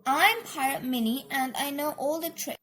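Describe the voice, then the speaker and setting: A woman voicing a gleeful, bossy young pirate girl with a loud piratical drawl. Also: sits high, moderate pace. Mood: gloating.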